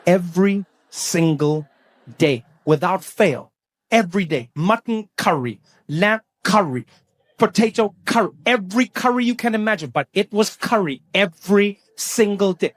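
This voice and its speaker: A stand-up comedian with a notably high voice tells a story on a live stage. His delivery is animated and breaks into sudden loud bursts. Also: normal speed, no room sound, clean studio sound.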